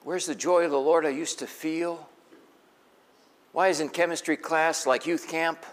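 A man's voice: fairly high pitch, steady tone, a little slow. Folksy male preacher in a big echoing hall. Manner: conversational, folksy, asks the congregation questions. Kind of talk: sermon. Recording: long echo of a large hall.

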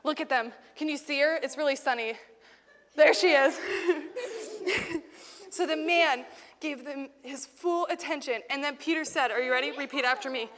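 Young woman Bible teacher, high voice, playful with kids, reverberant hall. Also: moderate pace. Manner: playful, animated, laughing often. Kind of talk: acting out a Bible story with children.

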